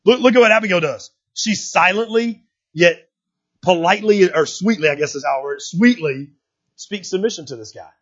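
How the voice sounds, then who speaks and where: A pastor delivers a sermon in a high, talkative voice. He stumbles over repeated words and keeps asking the room whether they follow him. The recording is dull and lo-fi. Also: moderate pace, slightly rough.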